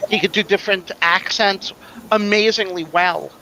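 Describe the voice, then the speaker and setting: Chatty guy hosting a late night stream, kinda high voice, bright and easygoing. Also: normal speed, slight background noise, low-quality recording. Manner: chatty storyteller, easygoing and joking. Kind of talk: casual chat.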